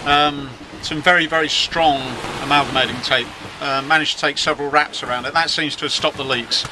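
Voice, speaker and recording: A man's voice: fairly high pitch, steady tone, a little fast. Chatty man vlogging on a yacht. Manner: chatty, wry, self-mocking. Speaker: yacht skipper vlogging at sea. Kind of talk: casual video diary. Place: outdoors on a sailing yacht at sea. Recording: wind and wave noise on deck.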